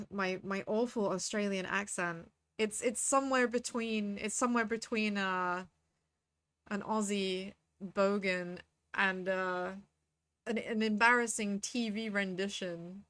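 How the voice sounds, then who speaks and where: Here a woman chats with viewers during a game stream, turning to chat between the game lines she reads aloud in casual commentary. She speaks unhurriedly in a mid-range voice that is steady, clear and resonant, with a slightly bright tone.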